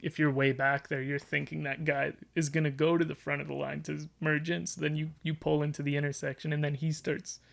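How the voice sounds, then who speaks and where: Man, young adult, gravelly, fairly high voice, rambling, filler-heavy casual chat. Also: little pitch movement, brisk, few pauses. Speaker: podcast guest.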